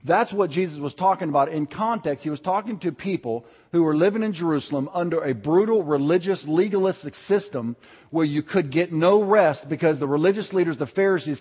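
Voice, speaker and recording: Husky-voiced man preaching in a reverberant hall. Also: fairly high pitch, moderate pace. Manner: storytelling preacher, asks the congregation questions. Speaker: pastor. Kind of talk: sermon. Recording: dull sound with long hall reverb.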